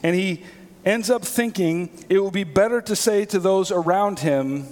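A man's voice: sits high, normal speed. Man preaching in a reverberant hall. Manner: dramatic, swings from hushed to emphatic. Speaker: pastor. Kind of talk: sermon.

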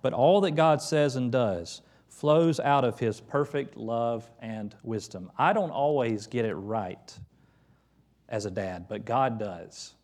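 A man's voice: medium pitch, takes it slowly, a little mellow. A young man, a pastor, preaching a sermon in a conversational, storytelling way and reading scripture aloud.

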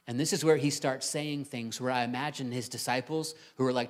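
A man's voice: mid-range voice, fairly even intonation, brisk. Man preaching a conversational sermon. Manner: conversational preaching, rhetorical questions to the congregation. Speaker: pastor. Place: church.

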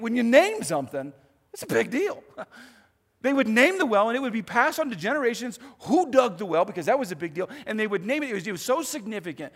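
A male pastor preaches with a high, very animated voice, telling the story with chatty asides. His voice carries a long reverb through the church. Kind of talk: sermon.

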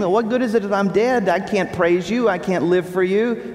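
A male pastor delivering a sermon, preaching with dramatic pauses and rising emphasis. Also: high voice, expressive, darkish tone. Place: church sanctuary. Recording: long reverb of a large hall.

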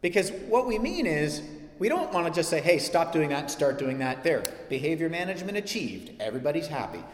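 A man's voice: a little high, fairly quick, a little hiss or hum. Man preaching in an echoey hall. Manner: animated preaching, acts out quoted voices. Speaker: pastor. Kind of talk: sermon. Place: church sanctuary. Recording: echoey hall with long reverb.

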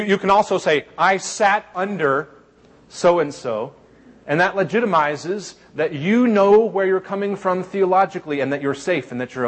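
Wry, conversational male preacher. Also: a little high. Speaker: pastor. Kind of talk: sermon.

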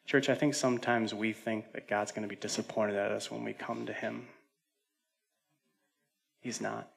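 A male pastor delivers a sermon at a middle pitch, swinging from loud, urgent declarations down to hushed, almost whispered lines. Between points he slips into casual asides with fillers and self-deprecating jokes, then drives the message home again. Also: vocal fry. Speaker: senior pastor.

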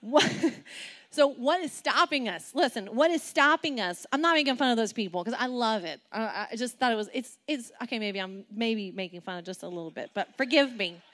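Woman, preacher, sermon, fairly high voice, playful, animated, asks the audience questions. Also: fairly quick. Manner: animated, playful, acts out quotes with big swings in pitch and volume.

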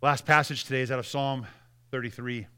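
A man's voice: medium pitch, steady tone, brisk, sharp tone, clear, resonant tone. A man in his thirties preaching a sermon as pastor, earnest and conversational with frequent restarts.

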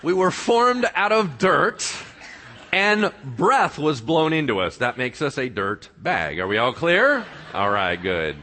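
A male pastor preaching a sermon, animated and playful, telling the story and asking his audience questions. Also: on the high side, slow, slight background noise.

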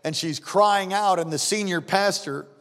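Man, pastor, fervent sermon, very high voice, long hall reverb. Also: a little slow. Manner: fervent preaching, rising to shouts.

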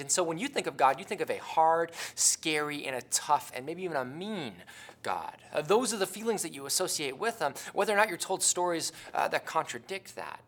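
A man preaching a sermon in an earnest, conversational way, with many "uh" fillers and restarts, slowing down to repeat key questions for emphasis. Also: on the high side, fairly bright tone.

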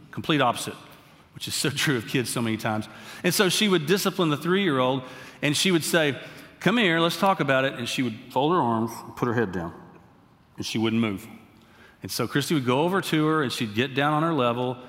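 A man's voice: mid-range voice, a bit bright. A man preaching a sermon as pastor, talking conversationally and with emphasis, often turning to the congregation with asides. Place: church sanctuary. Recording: long reverb of a large hall.

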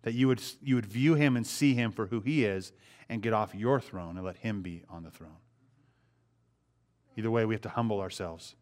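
A man's voice: on the low side, moderate pace, darkish tone. A man preaching a sermon in a conversational way, asking the congregation rhetorical questions and acting out short quotes. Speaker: pastor.

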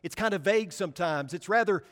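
A man preaching a sermon in a church, earnest, slowing down for emphasis and dropping quiet on key words. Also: sits high. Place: church sanctuary. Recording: long hall reverb.

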